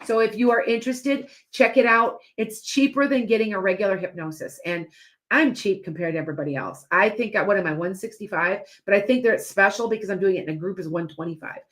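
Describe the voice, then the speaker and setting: A woman's voice: mid-range voice, fast. A woman hosting a live stream as a psychic and hypnotist, chatting to viewers in a rambling way with lots of restarts and asides.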